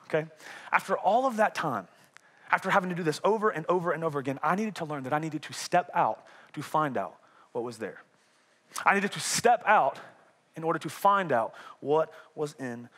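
A man in his twenties with a North Carolina accent, a youth pastor preaching an energetic, conversational sermon and often asking "right?". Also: high-pitched. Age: 20s.

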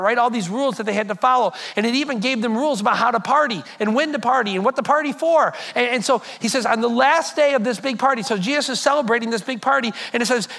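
Guy pastor preaching, kinda high voice, tells stories, talks right to the crowd. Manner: storytelling, animated, addresses congregation directly. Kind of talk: sermon.

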